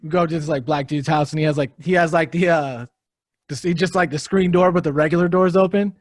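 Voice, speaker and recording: A man's voice: fairly high pitch, steady tone, fast, no echo, studio quality. Laid-back young man chiming in. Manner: laid-back, laughing, chiming in with short replies. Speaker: podcast co-host. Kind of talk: casual chat.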